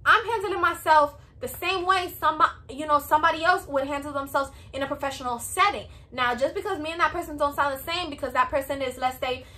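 A woman's voice: high voice, fast, hardly any pauses, sharp tone. A woman in her twenties with a Hispanic American accent, giving work advice in a chatty, peppy, repetitive vlog style. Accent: Hispanic American English.

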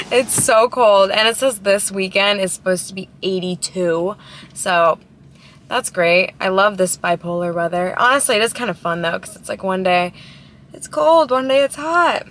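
Her voice is medium-pitched and a bit bright, moving at a moderate pace. She's a chatty, bubbly twenty-something from Ohio vlogging casually at a drive-thru, recorded by a camera in her car with a little hiss or hum.

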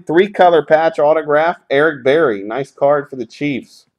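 A man's voice: on the high side, moderate pace, highs cut off. A man hosting a live sports card break, calling out pulls in a sarcastic, grumbling, profane way.

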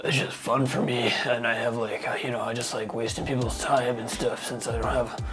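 A man voicing an awkward bearded catfisher who mumbles quietly with phlegm in his throat, sounding hesitant and sheepish. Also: mid-range voice, level tone, fairly quick, close to an everyday voice.

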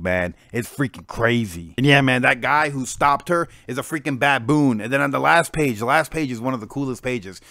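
A young man hosting casual comic book reviews, excited and slangy, full of fillers. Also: fairly high pitch, no echo, studio quality. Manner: excited, slangy, lots of "like" and "freaking".

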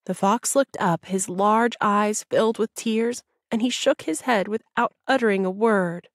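A woman narrating a children's audiobook in an expressive storytelling voice. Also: mid-range voice, a little slow, dry recording, studio quality.

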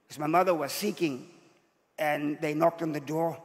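A man's voice: a little high, steady tone, normal speed. A man in his sixties from Zimbabwe, preaching a sermon as a bishop and telling his story with sudden rises as he acts out the voices in it. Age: 60s. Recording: long hall reverb.

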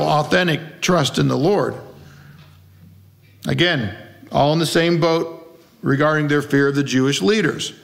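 Pastor preaching a conversational sermon. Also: male voice, a little high, a bit bright. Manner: conversational preaching with rhetorical questions. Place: church.

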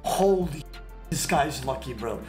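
A man streaming a game, giving excitable, slangy trash-talk commentary with sudden shouts. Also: medium pitch, unhurried. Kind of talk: live gameplay commentary. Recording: echoey room with clear background music. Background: background music.

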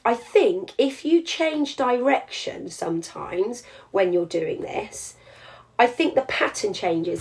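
A woman's voice: on the high side, a little mellow. A woman, teaching a jewellery craft in a chatty live demonstration and explaining each step as she works. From England.

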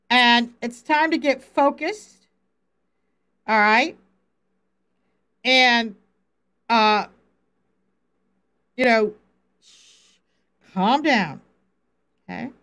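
A woman's voice: high voice, sharp tone. A middle-aged woman, a faith coach, giving a Bible teaching on a livestream and talking firmly and directly to viewers in the chat. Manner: direct, firm, talks straight to viewers in the chat.

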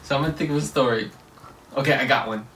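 A man's voice: mid-range voice, quick pace, a bit bright, far from the mic. A young man co-hosting a couple's vlog, chatting casually and teasing through a party game, laughing often. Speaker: co-host of a couple channel.

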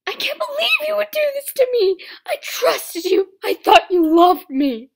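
A woman's voice: on the high side, takes it slowly. A young woman voicing a shy young female horse who stammers and hesitates. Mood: betrayed. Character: timid young mare, nervous and stammering.

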